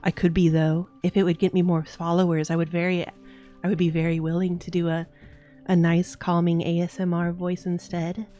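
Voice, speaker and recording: A young woman streaming a game, chatting casually and excitably and swearing freely. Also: lowish voice, normal speed, faint music behind. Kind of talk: casual live-stream chat.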